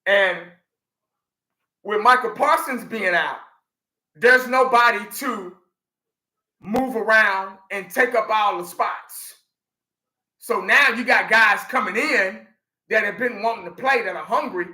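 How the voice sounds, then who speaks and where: This Texan fan channel host, middle-aged, speaks slowly with frequent pauses, his fairly high voice carrying a very bright, sharp edge. In an echoey room he chats casually and rambles, addressing viewers and often circling back to restart his thoughts.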